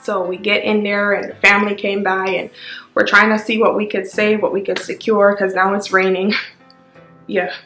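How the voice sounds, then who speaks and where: A woman's voice: medium pitch, little pitch movement, normal speed, a bit bright. A woman vlogger, tearfully recounting a painful personal event, her voice rising sharply at times. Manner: raw, tearful retelling with sudden rises. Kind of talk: emotional personal storytelling. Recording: echoey room with faint music.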